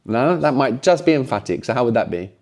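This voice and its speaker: A man's voice: medium pitch, lively intonation, quick pace, a little mellow. A man teaching a language lesson, explaining patiently and often closing points with a questioning "no?".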